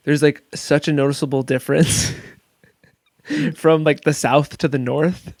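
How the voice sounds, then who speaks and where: A man's voice: on the high side, steady tone, darkish tone, no echo, studio quality. An American man hosting a podcast, curious and giggly, asking questions in casual chat. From United States. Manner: giggly, curious, quick to laugh. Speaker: podcast host.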